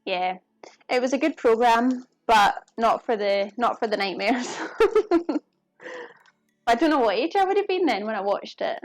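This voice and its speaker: This woman's voice is a little high and expressive, moving at a moderate pace as she talks to her live-stream audience while cooking at home. Soft music plays behind her, and the recording carries no room sound.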